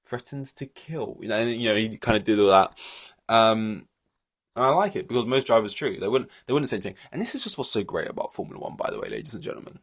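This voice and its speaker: A man's voice: fairly low pitch, fast talker, husky. Rambling man on a podcast. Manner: rambling and animated, many fillers and restarts, laughs between points. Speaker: podcast host. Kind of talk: solo casual podcast commentary.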